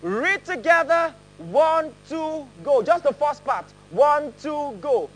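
A pastor with a very high-pitched, expressive, slightly bright voice preaches slowly in a church hall before his congregation. He laughs often and leads the people in reading aloud together, and the recording is rough.

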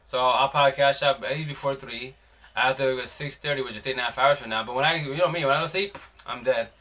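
Male live-stream host, bright tense tone, slangy rambling storyteller. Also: medium pitch, quick pace. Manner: rambling, slangy, frequent restarts. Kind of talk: casual storytelling chat.

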